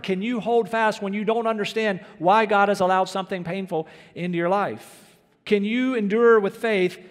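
A high-pitched man preaching in an earnest, emphatic manner, pressing his congregation with question after question. His voice rings out with a long reverb from the church hall around him. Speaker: pastor. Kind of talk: sermon.

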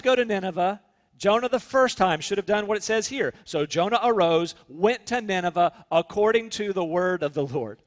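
A man preaching a sermon as pastor, earnest, slowing down to stress key points. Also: sits high, long reverb tail. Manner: earnest preaching, slows for emphasis.

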